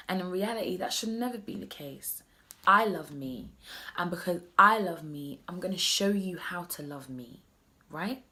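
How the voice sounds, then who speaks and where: In a lowish, bright, forceful voice with lively intonation, a woman in her twenties addresses the camera at a measured pace. Her vlog about self-love is heartfelt and personal, and she frequently restarts her sentences.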